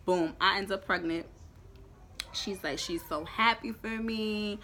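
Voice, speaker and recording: A young woman telling a storytime in a lively, profane, emphatic way. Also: medium pitch, a little slow, slight background noise. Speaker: vlogger. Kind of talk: storytime chat.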